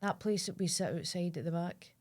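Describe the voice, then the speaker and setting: A woman's voice: lowish voice, a little fast, a little mellow. A Scottish woman co-hosting a podcast, bantering in a playful, easygoing way. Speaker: podcast co-host. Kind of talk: casual chat.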